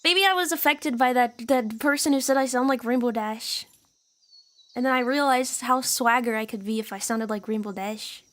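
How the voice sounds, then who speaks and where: A woman's voice: on the high side, steady tone, normal speed. A woman streamer chatting casually on a live stream, giggly, rambling and sweary.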